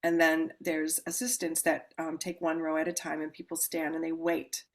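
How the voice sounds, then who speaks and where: A woman guest on a podcast telling a personal story in a casual way. She acts out the voices of people in it, jumps to loud exclamations, and turns calm and measured when she explains a ritual. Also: low voice.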